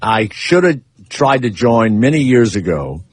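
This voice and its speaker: A man's voice: medium pitch, very animated, unhurried, breathy edge, no echo. A male radio show host in casual talk, joking and rambling with fillers.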